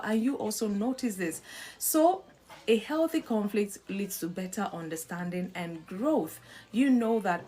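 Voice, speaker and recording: Woman host giving an animated marriage talk. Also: mid-range voice. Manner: animated, acts out little quoted exchanges; laughs and asides between points. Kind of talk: live-stream talk on marriage.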